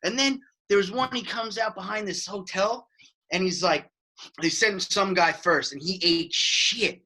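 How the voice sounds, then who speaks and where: High, bright-voiced man rambling excitedly. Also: unhurried, rough recording. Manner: rambling, excitable, swears casually. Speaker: podcast co-host. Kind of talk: casual chat. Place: studio.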